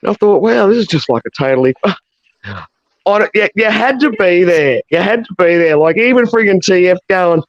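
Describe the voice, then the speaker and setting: A man with a high, dry voice tells a story in casual chat, swearing freely. The call audio is muffled and lo-fi. He is a co-host of the show. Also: expressive, moderate pace, no room sound.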